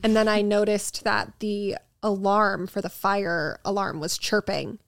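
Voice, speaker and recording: A woman's voice: medium pitch, fairly even intonation, unhurried, creaky, dry recording, studio quality. A woman co-hosting a podcast in casual chat, telling stories and laughing often. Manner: chatty, laughs often, storytelling. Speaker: podcast co-host.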